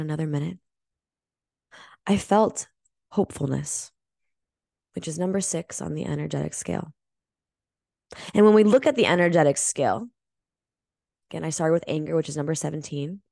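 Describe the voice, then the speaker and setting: A woman with a fairly low voice coaches her listeners in a motivational monologue. She is earnest and emphatic, swears casually, and slows down to stress her key words. The sound is dry and close. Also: creaky, darkish tone, dry recording. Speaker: podcast host and energy healing coach.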